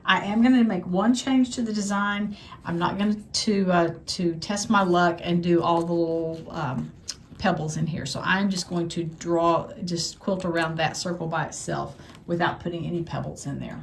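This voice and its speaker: In her quilting workspace at a longarm machine, a woman guides viewers through a tutorial, describing each step practically and plainly as she thinks aloud. Her lowish voice holds a steady tone at a moderate pace, with slight background noise.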